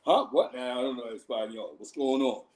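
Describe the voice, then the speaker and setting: Speaking a little fast in a medium-pitched voice, this Harlem, New York man hosts a livestream full of casual street stories. His delivery is animated and slangy, punctuated by frequent laughter, over a low-quality recording.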